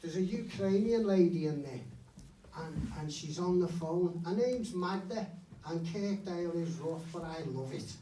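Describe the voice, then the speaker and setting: A man's voice: high voice, unhurried, warm tone, a little hiss or hum. A man doing a live stand-up set. He tells his stories in a blunt, sweary way. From Liverpool area. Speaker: stand-up comedian. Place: comedy club stage. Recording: echoey club from far off. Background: audience laughter.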